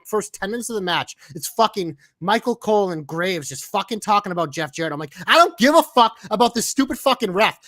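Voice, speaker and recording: A man's voice: on the high side, fairly bright tone, no echo. A man co-hosting a wrestling podcast, talking casually and ranting heatedly with lots of swearing. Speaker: podcast co-host.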